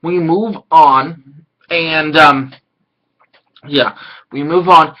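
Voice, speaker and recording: A man casually reviewing an anime episode, rambling and excitable, swearing now and then. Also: a little high, extremely slow, highs cut off.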